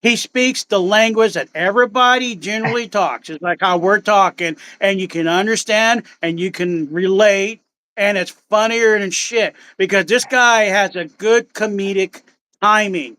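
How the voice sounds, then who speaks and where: A man's voice: high voice, moderate pace, pushed and bright, clear, resonant tone. A man in his fifties, a guest in a casual chat, telling long rambling stories with animation.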